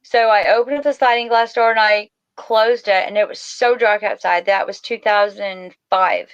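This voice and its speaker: A woman's voice: mid-range voice, fairly even intonation, normal speed, clear, resonant tone, dry recording, muffled recording. A middle-aged woman telling a personal story as a podcast guest, rambling and emotional, near tears. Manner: emotional, rambling, tearful at times. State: crying.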